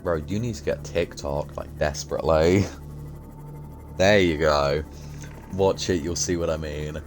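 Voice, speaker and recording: Deep, slow young man rambling while gaming. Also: soft background music. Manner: rambling, giggly, loose. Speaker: streamer. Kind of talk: casual gaming commentary.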